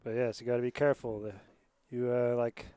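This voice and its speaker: A man's voice: mid-range voice, fairly quick, clear, resonant tone. Chatty man doing rugby commentary. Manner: chatty, rambling asides, excited bursts on plays. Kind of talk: amateur sports commentary. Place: commentary booth at a school rugby pitch.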